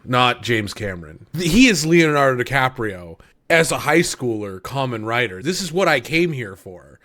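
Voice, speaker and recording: A man with an ordinary mid-range voice chats on a podcast about an anime he loves. He is emphatic and excitable, and he swears casually all through his talk. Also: mid-range voice, moderate pace. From United States. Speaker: podcast co-host. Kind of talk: casual anime review chat.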